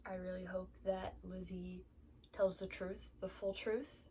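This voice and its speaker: A woman vlogging casually about a book she is reading, upset and near tears, dropping to soft whispers and then rising to exasperated outbursts. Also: fairly low pitch, flat delivery, unhurried, a little hiss or hum. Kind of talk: reading vlog, casual talk to camera.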